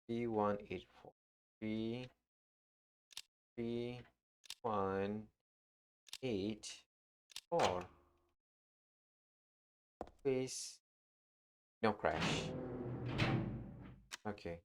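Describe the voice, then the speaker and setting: A man's voice: on the low side, noisy background. A man streaming a horror game live, talking through the play and reading in-game documents aloud. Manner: reads in-game text aloud, unhurried. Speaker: gaming streamer. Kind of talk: live-streamed gameplay commentary.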